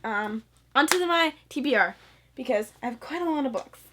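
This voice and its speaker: A bubbly young woman talks casually into a camera in a small room, her voice sitting a bit high. She gushes and rambles with plenty of fillers, eager and excitable. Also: a little fast, a little hiss or hum. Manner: bubbly and excitable, lots of fillers, squeals and laughs. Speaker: book vlogger. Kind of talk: casual chat.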